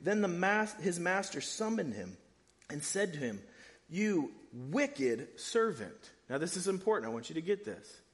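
A man preaching a sermon in a casual, animated way, using slang. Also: high voice, brisk, in a large hall. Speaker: pastor.

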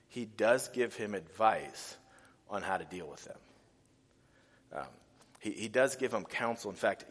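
A man preaching a sermon, animated and casual, with many restarts and fillers. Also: mid-range voice. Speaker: pastor. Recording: reverberant hall.

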